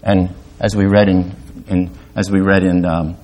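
An older man preaching a sermon as pastor, halting at times, rising to loud emphatic peaks and dropping to quiet, confessional lows. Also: level tone.

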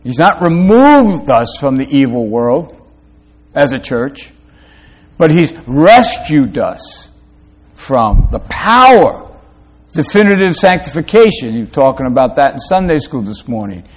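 A male pastor delivers a sermon at a mid-range pitch. He leans on rhetorical questions and climbs to forceful emphasis, and he slows for his stressed phrases but hurries through the asides. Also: very animated. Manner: preaching with rising emphatic peaks and rhetorical questions; quick asides between slow, stressed phrases.

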